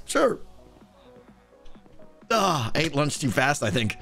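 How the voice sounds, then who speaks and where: A man's voice: on the high side, very animated, measured pace, gravelly, pauses often, a bit bright, faint music behind. A young man chatting casually on a live game stream, thanking viewers by name and interrupted by hiccups. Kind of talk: casual live-stream chat while gaming.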